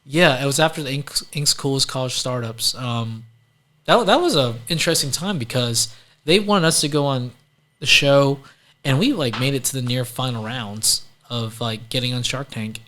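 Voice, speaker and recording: A man's voice: medium pitch, animated, normal speed, pushed and bright. A man from Louisiana as a guest entrepreneur, telling stories in a casual, chatty way. He fills his talk with "like" and acts out the people he quotes. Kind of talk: casual storytelling interview.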